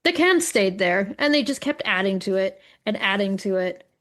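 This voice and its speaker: A woman's voice: mid-range voice, normal speed. A middle-aged woman chatting casually on a podcast, telling stories animatedly, swearing freely and acting out what others said. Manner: animated storyteller, swears freely, acts out quotes. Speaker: podcast co-host. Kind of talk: casual chat among friends. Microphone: studio microphone.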